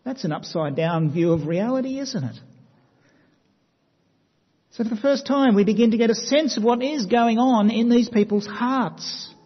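Guy preaching, high husky voice, long church echo. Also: moderate pace. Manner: dramatic storytelling, drops to quiet emphasis. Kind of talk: sermon. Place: church hall. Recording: dull sound with long hall reverb.

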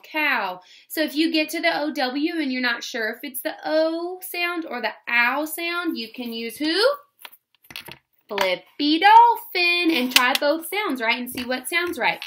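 A woman teaching a phonics lesson to first graders, sounding words out slowly. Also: high-pitched, expressive, bright, forceful tone. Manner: slow, exaggerated sounding-out of words. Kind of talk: phonics lesson for young children.

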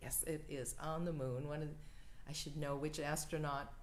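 A woman minister leading a church livestream offering and prayer in a slow, gentle, prayerful cadence. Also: sits low, little pitch movement.

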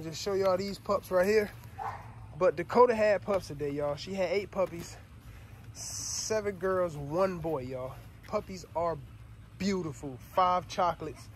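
A man with a slightly high voice runs his dog-breeding vlog, talking loosely and repeating "y'all" and "man" to his viewers. He sounds overwhelmed and frustrated, and his voice drops low when he gets upset. A faint hiss of noise sits under the recording. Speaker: dog breeder and channel host. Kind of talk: casual vlog talk to viewers.

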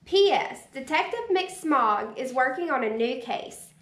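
A woman teacher reading a storybook aloud to children in a slow, gentle way. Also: high voice, lively intonation. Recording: roomy echo.

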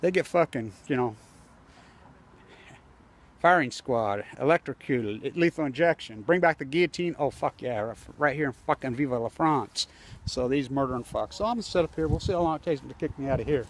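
An American man protesting outdoors films himself by a building entrance on his phone, his medium-pitched voice expressive and brisk. He rants furiously, swearing heavily and repeating himself, with a little hiss or hum in the audio.

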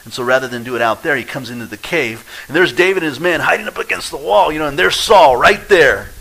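Bright-toned man preaching with animated swings. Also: fairly high pitch, fast, creaky, breathy edge, poor audio. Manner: lively, acts out quoted voices, wide swings in loudness. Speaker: pastor. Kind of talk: sermon.

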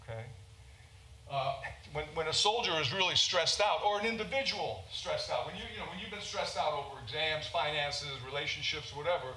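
An American physician gives an informal lecture in a large conference hall, often checking in with "okay?". His voice is high-leaning, animated, brisk, and sharp, with faint hall ambience and a little hiss or hum.

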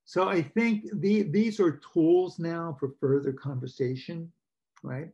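A man, a priest, leading a parish workshop with slides, talking informally with asides and questions to his listeners and clearing his throat now and then. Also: a little high, slow pace, darkish tone, lo-fi sound. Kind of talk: conversational teaching talk with slides. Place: parish meeting presenting slides.

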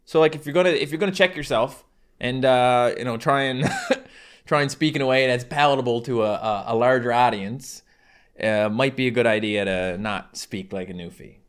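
A man's voice: medium pitch, normal speed, clear, resonant tone. A man from Newfoundland with a Newfoundland accent, chatting casually to his viewers in a rambling, self-deprecating way full of fillers and restarts. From Newfoundland, Canada. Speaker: YouTuber answering fan questions. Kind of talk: casual chat.

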